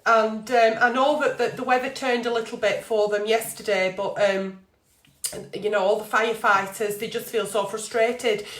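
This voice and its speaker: A woman's voice: a little high, fairly even intonation, moderate pace, fairly bright tone, echoey room. A middle-aged woman hosting a live stream from home, talking casually and emotionally with many fillers.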